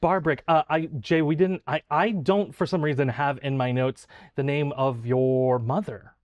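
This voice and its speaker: Halting male game master. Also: on the high side, fairly even intonation, no echo, highs cut off. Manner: hesitant, many fillers. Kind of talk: narrating a tabletop game.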